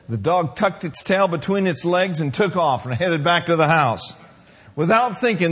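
A male preacher delivering a sermon, stretching out key phrases and building to forceful declarations. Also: high voice. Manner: emphatic, drawn-out declarations, rising to shouts.

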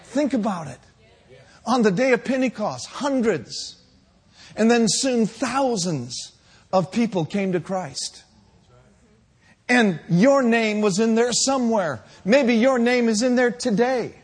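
A male preacher delivering a fervent, emphatic sermon that builds to shouted climaxes. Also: very high voice, expressive, slow, slightly rough.

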